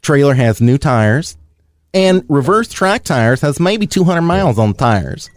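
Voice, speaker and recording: A man's voice: on the high side, very animated, a little slow, dry recording. A man putting on a Tennessee accent to voice a folksy man selling his homemade car, with an exaggerated sing-song drawl. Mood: mocking.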